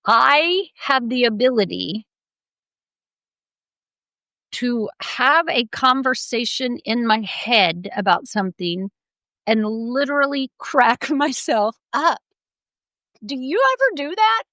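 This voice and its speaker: A middle-aged woman tells stories in easygoing podcast chat, laughing often and acting out what people said. Her voice is bright and sits fairly high. The sound is close and dry, with no room around it. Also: slow pace, pauses often, dry recording, low-quality recording. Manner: animated storyteller, laughs often, acts out quotes. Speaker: podcast co-host. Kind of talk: casual chat.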